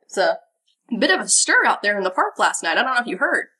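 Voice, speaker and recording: A woman's voice: mid-range voice, sing-song, fast, pushed and bright. A woman voicing an eager, spunky park office worker of about twenty in a tabletop role-playing game. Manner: spunky, upbeat, eager to please.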